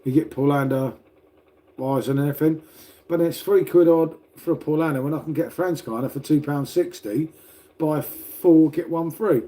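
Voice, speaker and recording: A man's voice: on the high side, moderate pace, warm tone. An older man with an English accent chatting casually to viewers on a livestream. He rambles, swears freely and calls everyone mate. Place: at home, making coffee.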